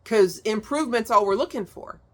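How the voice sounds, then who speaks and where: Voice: medium pitch, brisk, fairly bright tone. A tapping instructor explaining a technique in a casual, chatty way, with plenty of "um", "like" and "right?" and some blunt, casual swearing.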